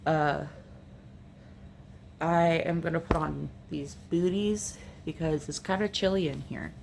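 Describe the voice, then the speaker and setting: Low-voiced woman vlogging with a light Appalachian accent. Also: steady tone, takes it slowly, creaky, background noise. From New Jersey, raised in North Carolina and Virginia. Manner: rambling, matter-of-fact, thinks aloud. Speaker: makeup vlogger. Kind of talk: casual chatty vlog. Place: home room.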